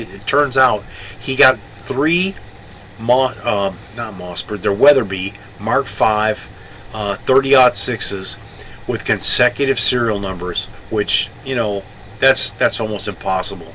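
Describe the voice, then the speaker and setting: A man's voice: lowish voice, takes it slowly, sharp tone, slight background noise, poor audio. A man in his sixties, a Navy veteran telling a rambling story casually, often correcting himself. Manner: rambling, self-correcting, chatty.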